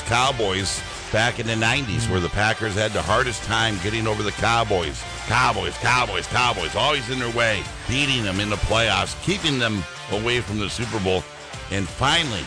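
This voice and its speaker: A man hosting a sports radio segment, talking in a conversational, rambling way. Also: lowish voice.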